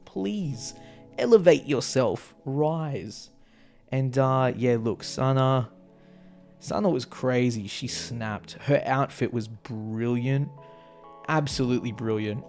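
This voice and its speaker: A man giving an excitable, slangy concert recap, swearing and laughing as he talks. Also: mid-range voice. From Australia. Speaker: vlogger.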